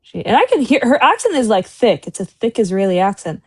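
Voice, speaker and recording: A woman from Palestine, a guest in a casual live debate, telling stories in an animated, chatty way and talking over others. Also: a little high, brisk, slightly rough, no echo.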